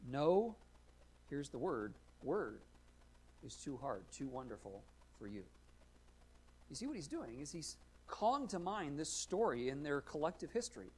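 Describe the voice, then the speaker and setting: A male pastor preaching a sermon, earnest and explanatory, rising to loud emphatic readings of scripture. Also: on the high side, sing-song, unhurried, husky.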